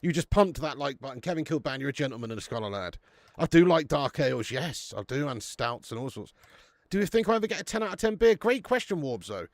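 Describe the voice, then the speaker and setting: Streaming a live beer review from a warm room at home, a British man with an expressive, medium-pitched voice talks quickly and casually. He trades banter with viewers and swears freely, and the audio has no echo.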